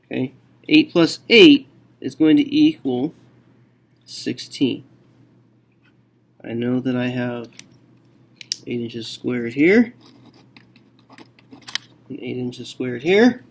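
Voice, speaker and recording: A man teaching a math lesson, working through a problem slowly and thinking aloud with frequent okays. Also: mid-range voice, animated, gravelly, a little hiss or hum.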